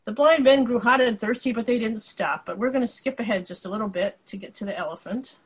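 A woman reading a picture book aloud in an expressive way, with casual asides to her listeners. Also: fairly high pitch, quick pace, husky, low-quality recording. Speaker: storyteller.

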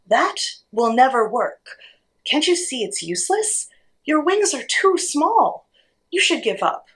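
A woman voicing a scornful eagle who shouts dismissively in a spoken storybook. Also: sits high, sing-song, slow pace, pitched above the performer's own voice, exaggerated voice. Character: scornful eagle jeering from a mountain ledge.

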